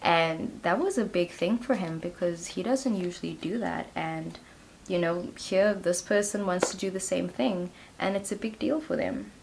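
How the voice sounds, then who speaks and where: A woman's voice: on the low side, normal speed, gravelly, darkish tone, slight background noise. A woman reading tarot cards for her viewers in a chatty, giggly way, peppering her talk with 'like'. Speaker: tarot reader. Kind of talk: casual pick-a-card tarot reading.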